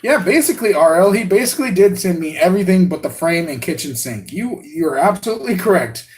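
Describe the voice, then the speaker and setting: Slightly high male voice, excitable RC hobby streamer, rambly and laughing. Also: brisk. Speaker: RC hobby channel host. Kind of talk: live unboxing stream chat.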